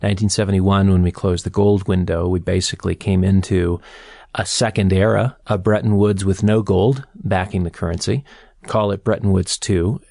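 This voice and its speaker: Man, low gravelly voice, dry studio sound; measured finance commentator, explains patiently. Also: steady tone, mellow, no echo. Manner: measured, explanatory, storytelling with quoted asides. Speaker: co-host and commentator. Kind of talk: financial podcast discussion.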